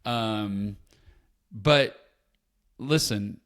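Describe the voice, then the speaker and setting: A man's voice: fairly low pitch, very slow, fairly bright tone. Heated, emphatic male podcast co-host. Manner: heated, emphatic, repeats points. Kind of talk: casual opinion chat.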